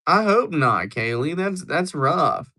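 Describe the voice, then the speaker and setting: A man's voice: a little high, very animated, slow, pushed and bright. A young man hosting a livestream, chatting casually and joking as he answers viewers. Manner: joking, rambling replies to chat. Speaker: livestream host.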